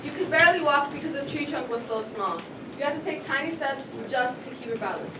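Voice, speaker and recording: A woman's voice: high-pitched, lively intonation, brisk. Woman narrating wryly on stage. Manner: dramatic, wry storytelling. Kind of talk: stage narration in second person. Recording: echoey stage, far mic, loud noise.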